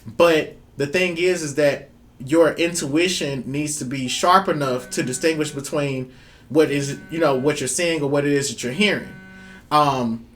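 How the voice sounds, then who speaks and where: A woman's voice: low voice, unhurried, soft background music. A woman co-hosting a spiritual talk show, telling stories animatedly, swearing freely and acting out voices. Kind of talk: casual spiritual chat.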